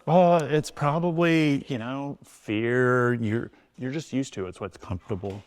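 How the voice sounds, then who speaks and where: A man's voice: mid-range voice, a little slow. A middle-aged man, a tattoo artist and shop owner, talking loosely and casually in a podcast conversation, full of "you know". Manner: laid-back, loose storytelling with frequent "you know".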